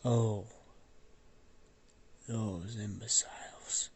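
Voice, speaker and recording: A man with a cold voicing a gruff but kindly older man in a spoken story, half whispering. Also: mid-range voice, fairly even intonation, slow, warm tone, slight background noise. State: has a cold.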